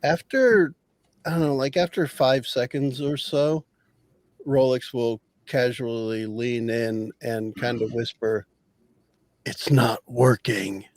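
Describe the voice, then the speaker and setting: A man's voice: medium pitch, steady tone, takes it slowly, a little mellow, no echo. Thoughtful man player, dry sound. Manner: thoughtful, explains his character's view. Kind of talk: casual tabletop play.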